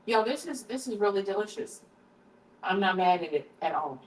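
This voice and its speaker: With an animated, mid-range voice at normal speed, a livestream host chats to her viewers while tasting food in her home kitchen, at times switching to hushed prayer. A distant camera mic gives a roomy sound.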